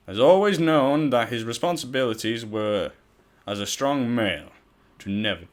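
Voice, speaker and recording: A man casually reading a fan story aloud, stumbling over words and breaking off into profane, self-mocking asides. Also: fairly low pitch. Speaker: fan fiction reader.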